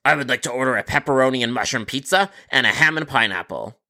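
A man voicing a rude, impatient male pizza customer who shouts and insults. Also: mid-range voice, fast. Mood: angry.

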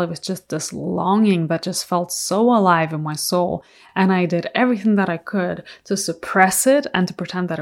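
Earnest female podcast host, lower voice with plenty of vocal fry, reflective storytelling.

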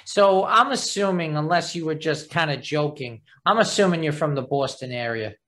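An interviewer with a New York accent chats casually with a guest. The talk is halting and full of "uh" and "um" fillers. The voice sits at a middle pitch. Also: lively intonation, fairly bright tone.

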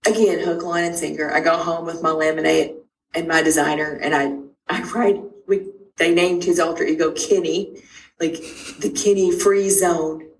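Animated woman telling a story, roomy and distant. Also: normal speed. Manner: animated, acts out dialogue with big pitch jumps. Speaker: parent of a sick child. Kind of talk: personal storytelling in conversation. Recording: roomy sound from a distant mic.

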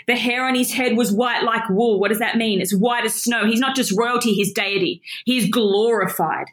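A woman teaching a Bible study with passion, excited and emphatic, often laughing. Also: a little high, normal speed.

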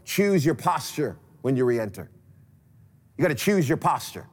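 A man preaching a sermon, telling a scripture story dramatically and swinging between loud passages and hushed ones. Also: mid-range voice, very animated, moderate pace. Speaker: pastor.

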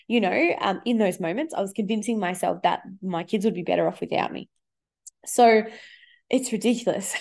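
A forthright woman coach in her thirties talks openly and swears casually. Her voice sits a little high for a woman, and she speaks in a loose, chatty podcast manner. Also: a little mellow. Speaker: life coach.

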